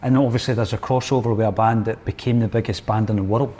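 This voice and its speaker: A man's voice: on the low side, fairly even intonation, fast, dark tone. A man hosting a podcast, prompting his guest with leading questions in a casual interview. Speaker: podcast host.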